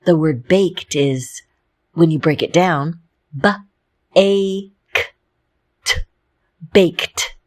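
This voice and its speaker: A woman teaching a phonics lesson, speaking slowly and clearly and sounding out letters one by one. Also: low voice, a little mellow.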